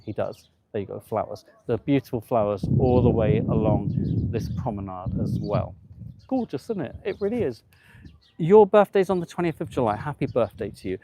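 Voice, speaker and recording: A man chats on a travel live stream from a seaside promenade, talking to his phone held at arm's length. His voice is mellow and warm, and he gushes, rambles and answers viewer comments as they come in. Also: medium pitch, expressive, fairly quick, a little hiss or hum. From United Kingdom. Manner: chatty and gushing, reads viewer comments aloud, frequent ums. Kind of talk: casual live-stream chat.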